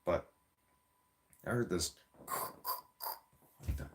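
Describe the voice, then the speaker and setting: A man's voice: on the low side, lively intonation, measured pace, background noise. A man telling a story in a heated, profane, rambling rant with frequent restarts, a few beers in. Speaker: vlogger.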